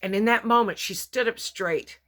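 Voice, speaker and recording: A woman's voice: on the high side, normal speed, a bit bright. A woman giving a short devotional sermon, telling a story earnestly and acting out its voices. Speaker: preacher.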